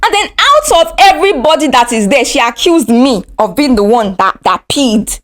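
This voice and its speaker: A young Nigerian woman telling a personal story in a casual vlog. Her voice sits fairly high and leaps up and down the scale as she acts out the drama. The delivery is animated and expressive. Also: moderate pace. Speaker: vlogger.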